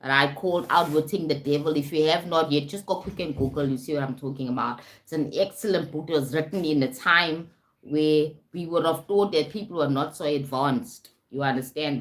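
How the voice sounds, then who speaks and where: A South African woman hosting a casual live talk, keeps checking in with her listeners by asking "right?" and "you understand?". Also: sits low. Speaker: host. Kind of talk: casual live-stream talk on self-help.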